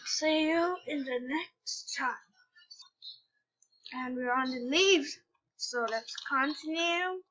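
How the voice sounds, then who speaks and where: A woman's voice: sits high, takes it slowly, pauses often, fairly bright tone, lo-fi sound. A woman giving casual gameplay commentary, often frustrated, exclaiming and complaining as she plays. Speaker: gamer.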